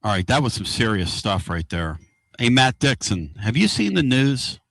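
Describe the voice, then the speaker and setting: A man hosting a casual radio talk show from inside a moving car, excitable and rambling. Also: medium pitch, moderate pace, vocal fry, no echo. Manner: excitable, rambling and loud-mouthed.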